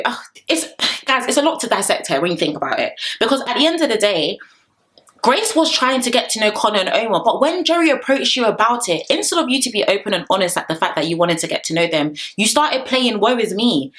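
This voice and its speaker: A young woman talks through a reality TV episode in a loose, chatty commentary. She is animated and laughs often. Her voice sits at an ordinary middle pitch. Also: brisk. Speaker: reality TV reviewer. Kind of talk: casual commentary.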